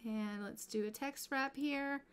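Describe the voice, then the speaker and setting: Woman streamer, unhurried gameplay chatter, slightly high voice. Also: slight background noise. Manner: chatty, talks to her game characters. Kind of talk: casual gameplay commentary.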